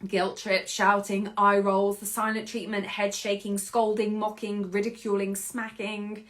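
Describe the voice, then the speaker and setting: A British woman in her thirties hosting a podcast, speaking in an expressive reflective monologue and often laughing. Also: medium pitch, measured pace. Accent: British English. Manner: expressive, acts out quoted voices, laughs often. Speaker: podcast host.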